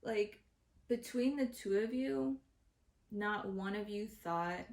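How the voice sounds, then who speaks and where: A woman rants exasperated to her audience, swearing freely in a casual opinion vlog. Her voice sits at an ordinary middle pitch. It carries an echoey room sound from a home recording. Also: takes it slowly, a little mellow. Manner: profane, exasperated ranting. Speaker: vlogger host. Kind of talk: casual opinion rant to camera. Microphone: home recording setup.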